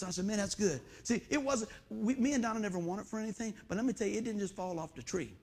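A man's voice: high voice, racing. A middle-aged man preaching a casual, storytelling sermon in church, folksy and confiding. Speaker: pastor. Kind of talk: conversational sermon.

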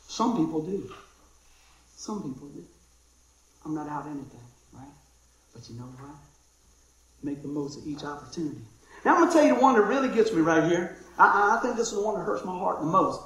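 Man, preacher, high voice, conversational sermon, excitable, hushed to shouting, very echoey room. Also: a little fast, pauses often, dull audio.

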